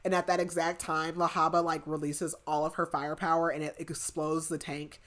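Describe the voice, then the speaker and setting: A woman's voice: low-pitched, flat delivery, brisk, fairly bright tone. A young woman co-hosting a podcast, casually retelling a novel's plot in a rambling way with constant "like" fillers. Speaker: podcast co-host. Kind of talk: casual book recap chat.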